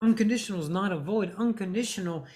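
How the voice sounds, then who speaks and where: A woman's voice: medium pitch, darkish tone. A woman giving a spiritual monologue, blunt and preachy, swearing freely and stretching out words for emphasis. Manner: emphatic, drawn-out stresses. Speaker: spiritual teacher.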